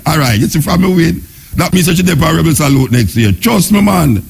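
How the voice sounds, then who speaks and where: A middle-aged man with a Jamaican accent, hosting a radio show in casual, excited patois talk. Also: fairly high pitch, normal speed, gravelly, breathy edge. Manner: excited, laughing, patois chatter. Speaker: radio host. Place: radio studio.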